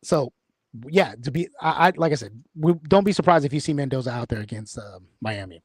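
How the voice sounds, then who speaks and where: A man's voice: medium pitch, lively intonation, a little fast, husky, dry recording, clean studio sound. A man hosting a casual sports talk show, rambling with lots of fillers and restarts. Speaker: podcast host.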